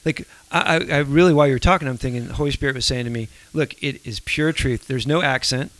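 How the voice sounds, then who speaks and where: A man's voice: medium pitch, fast talker, a bit bright, no room sound, rough recording. A man co-hosting a casual faith discussion, thinking aloud and explaining his points with everyday examples. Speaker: podcast co-host.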